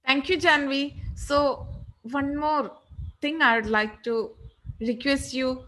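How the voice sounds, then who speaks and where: A woman's voice: high-pitched, steady tone, a bit bright, poor audio. A woman politely moderating an online session and inviting questions. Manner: polite, slow, courteous.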